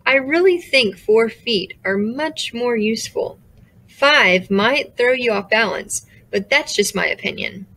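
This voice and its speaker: A woman's voice: a little high, animated, a little slow, fairly bright tone, heavily acted. A woman voicing a jittery, easily distracted male creature guardian who rambles sheepishly in a storybook reading. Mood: curious.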